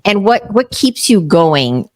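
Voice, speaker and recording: A woman's voice: mid-range voice, sing-song, slow. A woman in her fifties from Texas, hosting a podcast interview in a chatty way and telling family anecdotes. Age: 50s. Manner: chatty, tells anecdotes acting out quotes. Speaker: podcast host. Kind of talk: casual interview chat.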